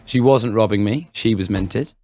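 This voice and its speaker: A man's voice: lowish voice, moderate pace, mellow, dry recording. A young man on a podcast, telling a rambling anecdote full of fillers and laughs. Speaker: podcast co-host. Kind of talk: casual chat, storytelling.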